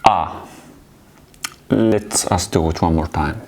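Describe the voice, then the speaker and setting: A man's voice: low-pitched, takes it slowly, a little mellow. A man teaching a beginner language lesson, patiently repeating words and encouraging the learners. His first language is Arabic.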